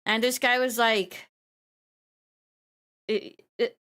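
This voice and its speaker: A woman's voice: a little high, steady tone, slow pace, bright, forceful tone. A woman streamer telling a story in casual chat, giggling through her words and stumbling over repeated words.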